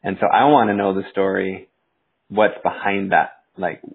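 A man's voice: low-pitched, steady tone, normal speed, gravelly, slightly rough. A man hosting a podcast, laid-back and casual, calling his guest "dude". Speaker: podcast host. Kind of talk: casual interview chat. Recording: tinny phone-like line.

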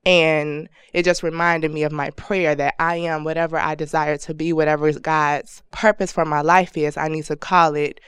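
Smooth-voiced prayerful woman guest. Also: deep voice, level tone, no echo, studio quality. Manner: soft, measured and prayerful. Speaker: podcast guest. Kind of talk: faith-based podcast chat.

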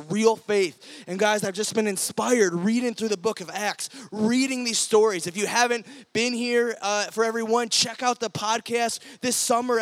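A young adult man, a youth pastor, delivers a sermon to a youth group, his voice sitting high with no echo. He tells stories with energy and acts out the voices of the people in them.

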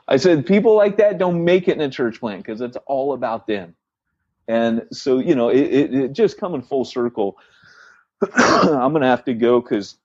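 A man's voice: medium pitch, breathy edge, no room sound, muffled recording. A man co-hosting a podcast, telling a story in casual chat with lots of restarts and acted-out dialogue. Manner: animated storyteller, frequent restarts, acts out quoted dialogue. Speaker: church planter podcast co-host.

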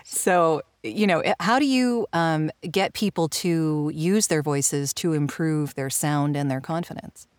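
A woman hosting a podcast, asking questions in a relaxed conversational way, with frequent laughs and hesitant fillers. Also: deep voice, measured pace, few pauses, smooth, no room sound. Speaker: podcast host. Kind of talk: conversational interview.

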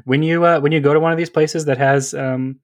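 ぶっきらぼうに語る男性ポッドキャストホスト、デッドなマイク音. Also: male voice, on the high side, steady tone, brisk, dry recording. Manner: rambling, self-mocking, acts out angry customers. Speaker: podcast co-host. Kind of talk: casual comedic chat.

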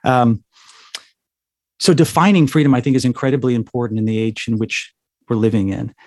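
A man's voice: medium pitch, steady tone, brisk, a little mellow, no room sound, studio quality. A man as an interview guest, talking in a thoughtful, lecturing way and often checking in with "right?". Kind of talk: interview answer, explanatory.

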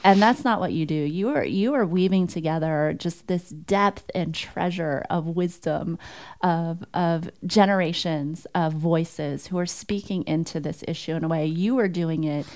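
A woman's voice: fairly low pitch, a little slow, darkish tone. A woman hosting an interview, affirming her guest and recounting a story in a conversational way. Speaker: interview host.

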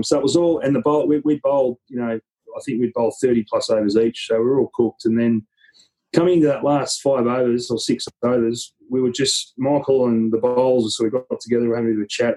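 A man's voice: medium pitch, mellow, breathy edge, rough recording. An Australian man, an interview guest, telling a story in a casual, rambling way with many restarts.

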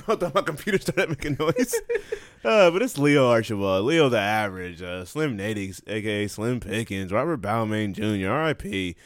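A man's voice: fairly low pitch, expressive, moderate pace, dry recording, clean studio sound. Joking young man on a podcast. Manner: joking, punning, laughs often. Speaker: podcast co-host. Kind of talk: casual podcast banter.

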